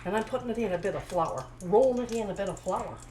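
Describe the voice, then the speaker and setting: A woman chatting casually as she cooks in her home kitchen, repeating her phrases and talking to herself in a slightly hushed voice. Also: fast talker, slight background noise, low-quality recording. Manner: talking a little low and hushed. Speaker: home cooking vlogger. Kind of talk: casual cooking chat to camera. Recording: home kitchen recording, audible pan sizzle. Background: frying pan sizzling.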